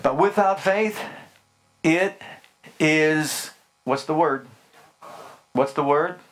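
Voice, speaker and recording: A man's voice: a little high, fairly bright tone. A man preaching a sermon with fervent, emphatic declarations and rhetorical questions to his congregation.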